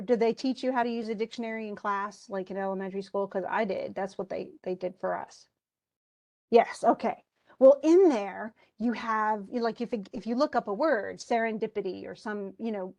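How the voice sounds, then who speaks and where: Here a female college English instructor delivers an online lecture via her computer mic, her voice medium-pitched with a darkish tone. She keeps things conversational, frequently starting over and checking on her students.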